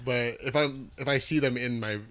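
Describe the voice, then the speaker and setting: A young man co-hosting a casual podcast, telling a story hesitantly with many fillers and getting excited as it builds. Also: medium pitch, moderate pace, crowd noise. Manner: hesitant, full of fillers, excitable when recounting. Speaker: podcast co-host.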